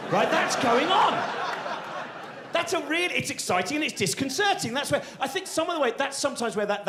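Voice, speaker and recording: A man doing live stand-up on a theatre stage, telling rambling, excitable stories that keep interrupting themselves. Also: a little high. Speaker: stand-up comedian.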